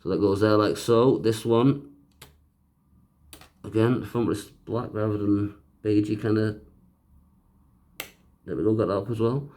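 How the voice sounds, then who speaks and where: A man's voice: on the low side, unhurried, pauses often, dark tone. A man narrating a home repair video in a chatty, joking way, making fun of himself as he works. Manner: chatty, joking, self-mocking aside-talk. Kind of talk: casual narrated repair tutorial.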